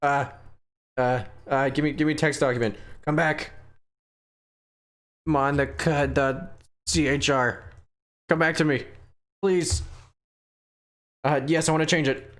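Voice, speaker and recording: A man's voice: fairly high pitch, fairly even intonation, takes it slowly, pauses often, fairly bright tone. A young man giving joking, playful commentary as he streams a game and talks to his chat. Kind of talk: casual gameplay commentary.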